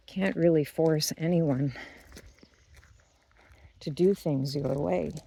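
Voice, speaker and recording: Vlog host on a walk outdoors, very dark mellow tone, flat delivery, reflective spiritual musing. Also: medium pitch. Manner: unhurried, musing, with pauses and restarts. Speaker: YouTube channel host.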